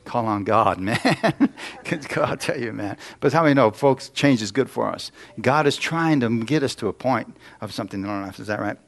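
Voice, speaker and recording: A man's voice: medium pitch, moderate pace, creaky. A middle-aged man preaching a sermon, telling folksy personal stories and putting questions to the congregation.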